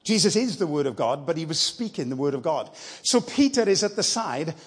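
Husky man preaching a sermon. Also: on the high side, very animated, fairly quick. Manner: conversational, encouraging, storytelling. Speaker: guest preacher. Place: church.

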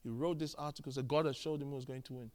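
A man preaching a sermon, emphatic and animated, telling stories and repeating key phrases. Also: mid-range voice, racing. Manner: animated storytelling, acting out dialogue.

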